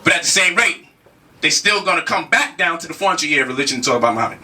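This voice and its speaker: A man's voice: a little high, lively intonation, fast, sharp tone, distant mic. A man giving a heated spoken lecture, emphatic, with repeated rhetorical questions and casual slang. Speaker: speaker challenging a debate opponent.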